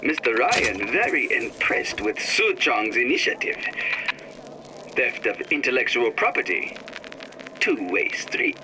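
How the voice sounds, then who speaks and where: Scheming scientist in clipped broken English. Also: male voice, medium pitch, very animated, unhurried, background noise. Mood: indignant.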